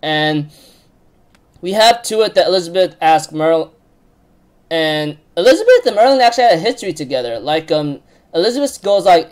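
A man's voice: on the high side, lively intonation, moderate pace. A man casually recapping a story, rambling with lots of fillers and frequent laughs. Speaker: recap host.

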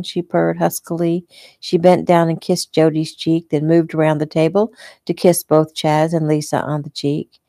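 A woman reading her own novel aloud at home in a plain, unhurried way. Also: sits low, level tone, mellow, no room sound, studio quality. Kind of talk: casual audiobook reading.

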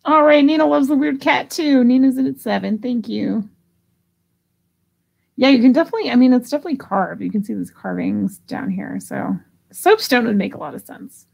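A woman's voice: high voice, lively intonation, moderate pace, gravelly, a little mellow. A woman hosting a live online auction, chatting casually and giggling as she reads out bids. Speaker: live sale host.

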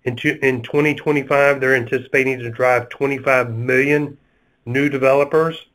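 A man with a Southern US accent talks through a webinar panel. He speaks at a middle pitch, stopping often with fillers and restarts as he gathers his points. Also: steady tone, fairly bright tone, rough recording. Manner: halting, many fillers and restarts. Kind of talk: webinar discussion.

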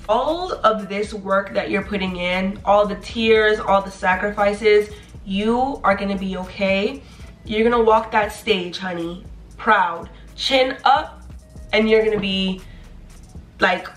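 A young woman in her twenties giving animated, encouraging advice in a casual vlog. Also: mid-range voice. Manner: animated, chatty, playful, encouraging. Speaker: nursing graduate vlogger. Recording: echoey room.

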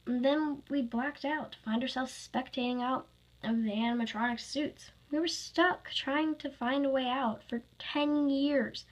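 A woman's voice: sits high, fairly even intonation, a little slow, voice pushed up, poor audio. A woman voicing a worried girl trapped inside an animatronic suit, explaining earnestly and pleading.

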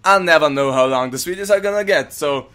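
A man giving playfully grumpy let's-play commentary, swearing and yelling strings of protests at the game. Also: a little high, fairly quick. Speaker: gaming channel host.

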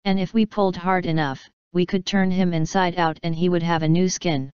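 Brief: woman as a glum earthworm, flat doom-laden delivery, clear dry voice. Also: lowish voice, brisk, no echo, dull audio, natural voice. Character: gloomy, pessimistic earthworm.

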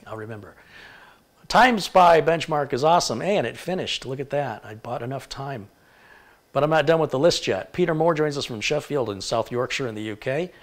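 A man from Michigan hosting a live tech stream, briskly reading out where viewers are tuning in from and stumbling over hard-to-pronounce names. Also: mid-range voice. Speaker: tech livestream host.

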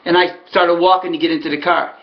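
A man, a harness horse trainer, casually telling a story in an animated, emphatic way, repeating words for effect. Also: on the high side, quick pace. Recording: dull lo-fi recording.

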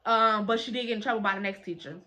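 A woman vlogger telling a story to camera in a casual, animated, blunt and profane way, repeating phrases for emphasis. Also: medium pitch, fast.

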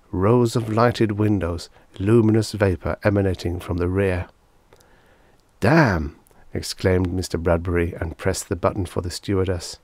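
A man narrating a vintage science fiction story as an audiobook, measured and unhurried through the descriptions. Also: deep voice, darkish tone, dry recording.

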